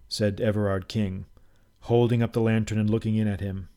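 A man narrating a first-person story aloud in a measured, dramatic reading. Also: fairly low pitch, steady tone, darkish tone. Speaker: audiobook narrator.

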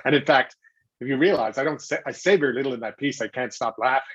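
Middle-aged man, husky, animated raconteur who acts out his quotes, dry, slightly dull sound. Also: mid-range voice, dry recording. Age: 40s or older. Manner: animated storyteller acting out quotes, quick restarts. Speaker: guest, television host. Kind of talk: anecdotal interview talk.

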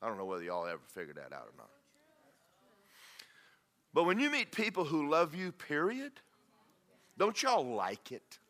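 A middle-aged man preaching a folksy sermon. His voice is bright and fairly high, and his pitch swings widely as he moves from homespun stories into fervent prayer. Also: wildly swooping pitch, normal speed, pauses often. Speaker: pastor.

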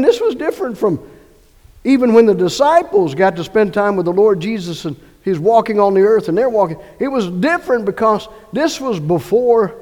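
Male pastor, higher register, emphatic preaching delivery; long church reverb. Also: a little mellow. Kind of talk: sermon. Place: church sanctuary.

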